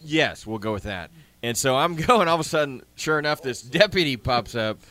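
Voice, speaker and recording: Animated storytelling man, bright voice. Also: mid-range voice, a little fast. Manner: animated storyteller, self-deprecating. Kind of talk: casual chat.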